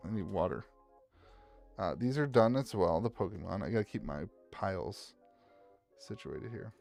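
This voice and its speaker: A man's voice: on the low side, expressive, normal speed, creaky, darkish tone, soft background music. A man with an Appalachian American accent, chatting casually and rambling as he sorts trading cards on a live stream and greets viewers by name. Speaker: card shop owner streaming live.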